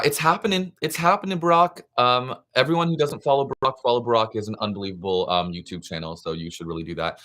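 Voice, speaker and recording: A young man hosting a live reaction stream, chatty and excitable, giving frank opinions in a scattered, casual way. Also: low-pitched. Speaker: livestream reaction host.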